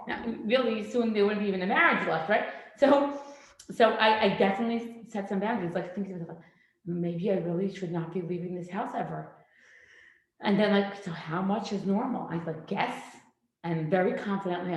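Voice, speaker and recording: A middle-aged woman teaching a parenting class in a classroom, lively and acting out children's voices. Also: medium pitch. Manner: animated, acts out children's voices. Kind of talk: classroom lecture. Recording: very echoey room.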